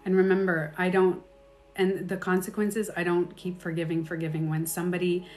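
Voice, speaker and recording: A woman life coach giving candid, animated advice in casual talk, with her own stories and laughter. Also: on the low side, a little fast, soft background music.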